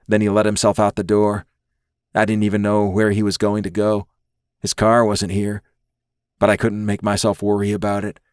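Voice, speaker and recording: Low-voiced man narrating an audiobook. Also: clear, resonant tone, no echo, studio quality. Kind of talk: scripted first-person audiobook narration.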